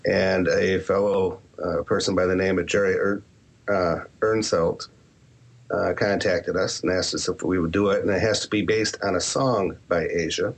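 A man's voice: low voice, steady tone, normal speed, husky. A man who writes horror and podcasts, answering interview questions in a candid, rambling way with self-deprecating asides. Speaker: author and podcaster.

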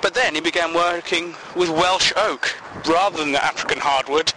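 A man's voice: fairly high pitch, moderate pace, sharp tone, slight background noise, rough recording. A man rambles through a comic monologue, swearing and laughing at his own jokes.

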